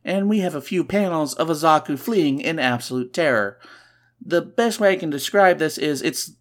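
A man hosting a podcast, recapping a comic book with sarcastic, joking asides and sudden bursts of excitement. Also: fairly high pitch, normal speed. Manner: excitable, swings between loud and quiet. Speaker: podcast host.

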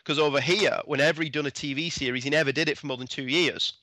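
A man's voice: on the high side, steady tone, quick pace, pushed and bright, dry recording. A British man in a casual chat, blunt and opinionated, with some swearing.

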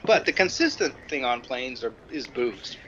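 A man telling stories in a casual podcast chat, animated and swearing freely. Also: mid-range voice, normal speed, highs cut off, a little hiss or hum. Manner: animated storyteller, acts out quotes, swears freely. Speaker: podcast co-host.

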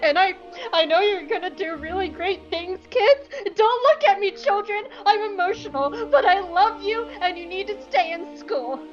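A woman's voice: medium pitch, expressive, a little slow, dull audio, faint music behind, natural voice. A woman voicing a tearful Jedi father in a parody recap, choked up and emotional. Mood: weepy. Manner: weepy, choked up.

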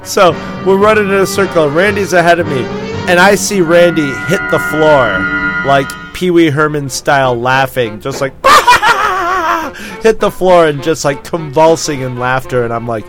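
A man's voice: fairly high pitch, moderate pace, loud music behind the voice. A man casually telling a drunken story on a podcast, swearing often, laughing and acting out what people said.

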